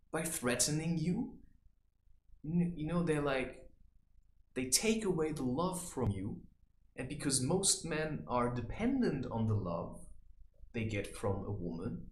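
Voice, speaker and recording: A man giving advice in a rambling casual monologue, saying "you know" constantly and mocking people in high teasing voices. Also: echoey room. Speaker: vlogger giving life advice.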